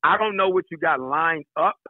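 Husky guy over a tinny phone line, joking around, telling loud stories. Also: fairly high pitch, normal speed, no echo. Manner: animated, joking, laughs often. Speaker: actor, guest. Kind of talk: casual interview chat.

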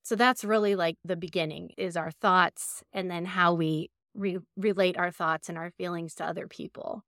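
A woman's voice: fairly low pitch, fairly even intonation, moderate pace, a bit bright, no echo, studio quality. A woman from Ohio, a podcast guest, speaking earnestly and reflectively as she gives coaching advice. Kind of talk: conversational interview advice.

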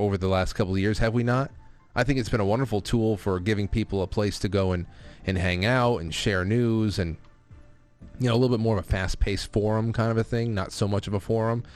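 A man's voice: lowish voice, darkish tone. Rambling male call-in show host. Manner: rambling, chatty, with frequent restarts and fillers. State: grieving his stepfather. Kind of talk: casual call-in show talk.

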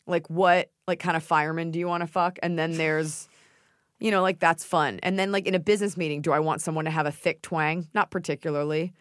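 A woman's voice: low-pitched, steady tone, brisk, dry recording, studio quality. An American woman co-hosting a podcast, chatting in a blunt, joking, playful way. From United States. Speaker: podcast co-host. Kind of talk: casual chat.

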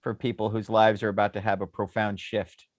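A man's voice: lowish voice, fairly quick, dry recording. A man co-hosting a podcast, telling stories in casual chat and laughing often. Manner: animated storyteller, laughs often. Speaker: podcast co-host.

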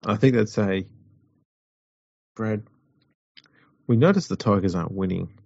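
A man's voice: fairly low pitch, measured pace, vocal fry, a little mellow, dry recording. A man, co-hosting a sports chat show, rambling and wry. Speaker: podcast co-host. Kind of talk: casual chat. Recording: dull lo-fi audio.

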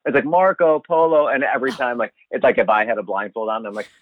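A man telling a funny story in a casual chat, animated and swearing, acting out what he said at the time. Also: medium pitch, fast, slight background noise. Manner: animated, swearing, acts out his own quotes. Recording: dry, phone-like sound.

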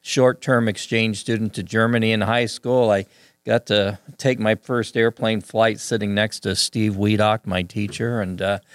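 A man's voice: on the low side, fairly even intonation, a little slow, no echo, studio quality. A man hosting an interview, chatting in a friendly, conversational way. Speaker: interview host. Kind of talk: casual interview talk.

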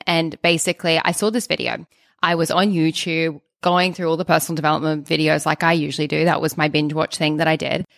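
Woman podcaster, thirties, low-ish voice, dry close mic, animated telling. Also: dry recording. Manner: animated, fast, many restarts. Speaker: podcast co-host. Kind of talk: storytelling podcast chat.

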